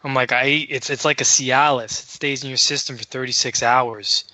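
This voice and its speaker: Excitable, foul-mouthed man telling a story. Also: medium pitch, moderate pace, no room sound. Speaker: podcast co-host. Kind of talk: casual storytelling chat.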